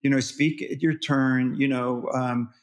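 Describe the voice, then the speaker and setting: A parenting expert, male and guesting in an interview, talks a little slowly with a mid-range voice. He explains animatedly, acting out the way parents speak to toddlers.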